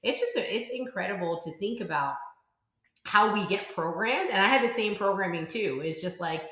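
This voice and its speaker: A woman guest on a podcast in casual conversation, animated and laughing, often quoting people in lively voices. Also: medium pitch, moderate pace, echoey room. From United States. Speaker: podcast guest, branding expert.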